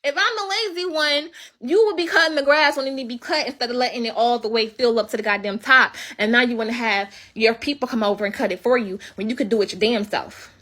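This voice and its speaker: A woman's voice: a little high, fast, hardly any pauses, a bit bright. A young woman livestreaming from home, telling a story as an indignant, swearing rant. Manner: indignant, venting, swears freely. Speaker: livestream host.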